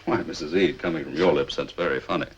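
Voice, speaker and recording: Suave, ironic deep-voiced man. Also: quick pace, lo-fi sound, a little hiss or hum. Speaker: gentleman adventurer. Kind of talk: 1960s TV drama acting.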